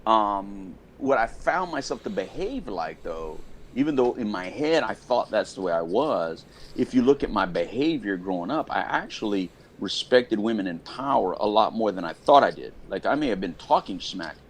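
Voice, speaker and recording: Podcast co-host, middle-aged American man, lowish voice, animated storyteller, faint room ambience. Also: moderate pace, a little hiss or hum. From United States. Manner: storytelling, animated, acts out quotes. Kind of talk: casual chat.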